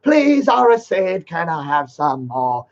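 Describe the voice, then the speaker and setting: A man putting on the slow, drawn-out voice of a whiny man pleading for more. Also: fairly high pitch, sing-song, heavily acted. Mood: mock pleading. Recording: muffled lo-fi audio.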